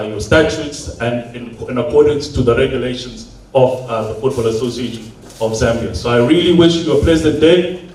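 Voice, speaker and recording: A man from Zimbabwe, a football development official, giving a formal address in a measured way with some hesitations. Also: mid-range voice, a little mellow. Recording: echoey hall, distant mic, faint hum.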